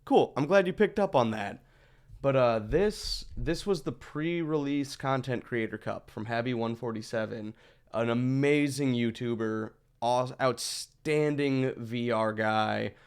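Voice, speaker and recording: Gravelly man rambling on a game stream. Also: medium pitch, a little slow. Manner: rambling, chatty, profane asides. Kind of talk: casual live-stream gaming chatter.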